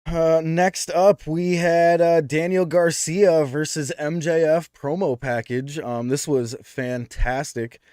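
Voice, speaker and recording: A man's voice: on the high side, fairly even intonation, slow pace, hardly any pauses, darkish tone, clear, resonant tone, no echo. Dry-voiced chatty male podcast host. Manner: chatty, with many "um"s and restarts. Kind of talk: casual chat.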